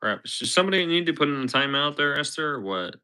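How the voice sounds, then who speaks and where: Chatty Philly guy with a bright voice. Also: a little high, big pitch swings, fast, clear, resonant tone. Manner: rambling, chuckles often, reads chat aloud. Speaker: live streamer. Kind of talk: casual live-stream chat.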